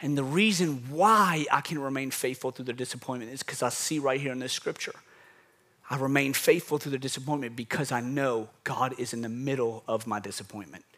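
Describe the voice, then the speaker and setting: A man preaching a sermon in an emphatic, conversational way, drawing out phrases and dropping to a hush. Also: mid-range voice, fairly quick.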